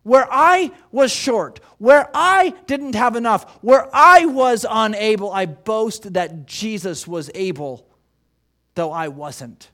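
A man's voice: high-pitched, expressive, slow, pushed and bright. A man preaching a sermon as pastor, emphatic, asking rhetorical questions and repeating key phrases.

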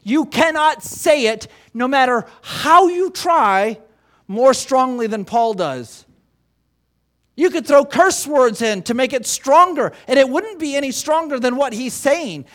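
High-voiced man preaching emphatically. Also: lively intonation, unhurried, fairly bright tone. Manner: emphatic, with rhetorical questions and repetition. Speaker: pastor. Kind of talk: sermon.

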